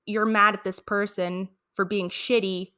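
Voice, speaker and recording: A woman's voice: medium pitch, level tone, measured pace, sharp tone, smooth. A woman co-hosting a podcast, talking through an episode in thoughtful casual chat and reading quotes aloud. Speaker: podcast co-host.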